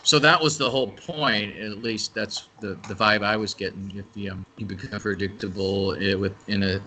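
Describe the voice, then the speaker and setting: Lower-voiced man rambling casually. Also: fairly even intonation, moderate pace, pushed and bright, slight background noise. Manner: rambling, self-correcting talker. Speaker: event organizer and interview guest. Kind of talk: casual radio interview.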